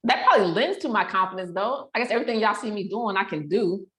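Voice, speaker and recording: A woman guest on a podcast, chatting casually and telling animated stories about her family. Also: mid-range voice, fast talker. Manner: animated storyteller who acts out family quotes. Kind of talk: casual chat. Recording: roomy echo.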